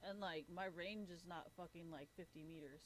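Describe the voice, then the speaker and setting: A woman's voice: lowish voice, normal speed, a little hiss or hum, poor audio. Blunt, foul-mouthed woman streamer. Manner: blunt, heavily profane, complaining. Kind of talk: casual live-stream chat while gaming.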